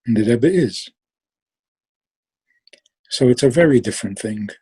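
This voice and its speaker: Slow, husky-voiced man telling a story. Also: medium pitch, expressive, mellow. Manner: slow, reflective, trails off and restarts; acts out quoted voices with sudden outbursts. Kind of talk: relaxed storytelling talk.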